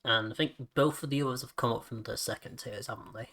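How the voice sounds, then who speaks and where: A man hosts a relaxed podcast chat with friends. His voice is bright and ringing, and he laughs readily. He trips over repeated words when he gets excited. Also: medium pitch, fast talker. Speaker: podcast host. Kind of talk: casual chat.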